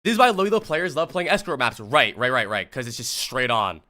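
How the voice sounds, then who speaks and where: A man's voice: medium pitch, big pitch swings, moderate pace, pushed and bright. A young man from the US East Coast reviewing gameplay on a live stream, talking to chat in a blunt, profane and casual way. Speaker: streamer and coach.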